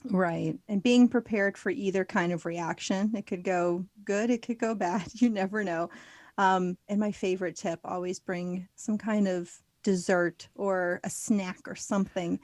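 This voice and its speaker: A woman's voice: mid-range voice, steady tone, unhurried, darkish tone, no room sound. A woman from Florida co-hosting a casual podcast, chatty and upbeat, with frequent laughter. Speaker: podcast co-host. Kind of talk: casual chat.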